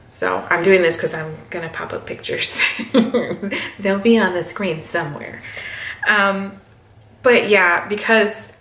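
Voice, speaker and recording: A woman in her thirties talks casually to her camera, filling pauses with "um" and acting out what her family said. Her voice sits a little low for a woman. The room is echoey, heard at home. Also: fairly bright tone. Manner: chatty, many "um"s and quoted voices of family. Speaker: hair vlogger.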